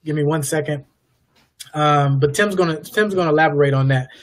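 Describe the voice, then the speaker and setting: A man's voice: a little high, a little fast, crowd noise. A man hosting an interview, affirming his guest often and restating his questions. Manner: affirming, many yeahs, repeats his questions. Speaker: interview host. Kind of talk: casual interview talk.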